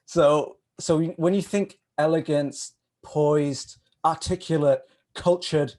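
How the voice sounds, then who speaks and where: A man's voice: a little high, fairly even intonation, slow, darkish tone. Teasing British man hosting an online chat. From Britain. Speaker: host. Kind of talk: casual online interview.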